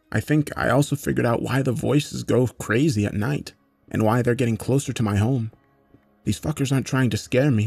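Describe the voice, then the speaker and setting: A man narrating a horror story in a measured, matter-of-fact way, with occasional swearing. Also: medium pitch, creaky, a little mellow, breathy edge, dry recording.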